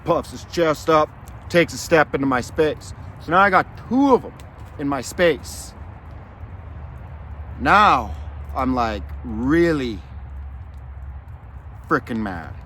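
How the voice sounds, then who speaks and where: A man's voice: medium pitch, lively intonation, slow, pauses often, fairly bright tone, a little hiss or hum. A man telling a story in a casual, profane and rambling way, angry as he talks. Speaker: vlogger.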